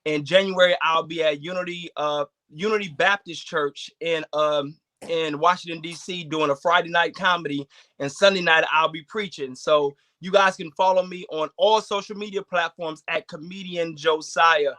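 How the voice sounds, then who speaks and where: A man performing a stand-up comedy set as a guest, with animated, preacher-like call-outs to the audience. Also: on the high side, moderate pace.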